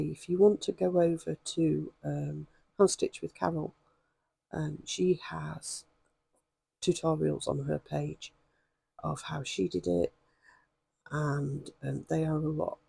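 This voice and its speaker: A woman with a hoarse voice, chatting and rambling with many ums as she demonstrates stitching in a craft vlog. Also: low-pitched, dark tone, no echo. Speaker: craft vlogger.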